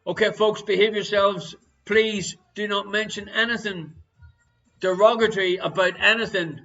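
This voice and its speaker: A man's voice: high-pitched, steady tone, normal speed, bright, forceful tone, dull audio. An Irish man hosting a live-streamed quiz, reading out answers and teasing viewers with jokey banter. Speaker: quiz show host.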